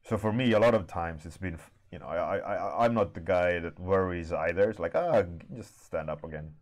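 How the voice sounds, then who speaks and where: A man streaming an art warmup and chatting casually with his live audience, telling stories in an easygoing, unhurried way. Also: low-pitched. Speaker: artist streaming a warmup session.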